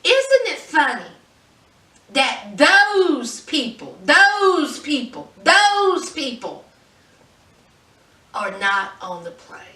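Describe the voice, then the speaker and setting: A woman imitating an angry, defensive young woman comedian who rants loudly and rudely. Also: sing-song, drawn-out words, long pauses, heavily acted. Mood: snide. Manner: loud, shrill, profane, condescending. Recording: roomy echo, distant mic.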